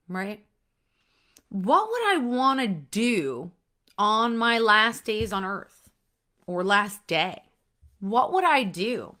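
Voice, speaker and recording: A woman's voice: mid-range voice, big pitch swings, slow, long pauses, pushed and bright. A woman in her thirties, hosting a casual solo talk, chatty and blunt, peppering her talk with "like" and "right?" and the odd swear word. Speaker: podcast host.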